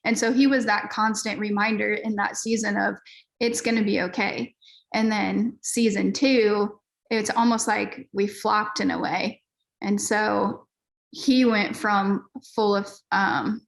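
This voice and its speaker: A woman's voice: medium pitch, little pitch movement, slow, gravelly, a bit bright. A woman pastor, a guest on a podcast, telling her story in a candid, earnest, casual way with frequent fillers.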